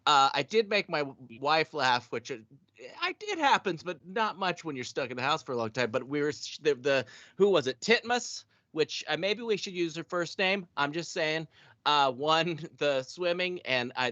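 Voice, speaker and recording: A man's voice: a little high, bright, forceful tone, no echo, dull audio. A man on a podcast telling a story in casual chat, laughing often and stumbling over his words. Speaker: podcast panelist.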